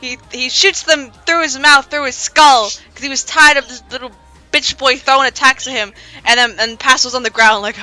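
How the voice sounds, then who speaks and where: A woman's voice: high voice, steady tone, normal speed, pushed and bright. A woman streamer casually retelling a story, rambling with many restarts and acting out the characters' lines. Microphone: desk streaming mic. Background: faint pop music.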